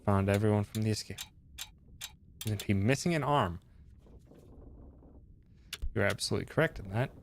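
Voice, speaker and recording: A man's voice: lowish voice, moderate pace, long pauses, slight background noise. A man streaming a game, musing aloud as he works through its puzzles in casual commentary.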